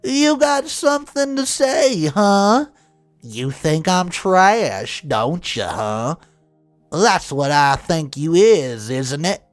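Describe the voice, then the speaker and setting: A screeching, hostile middle-aged woman with a thick, high-pitched Southern drawl, as a male storyteller puts her on. She swoops up and down as she confronts someone. The sound is dry and close. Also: animated, takes it slowly, dry recording, faint music behind. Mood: accusing.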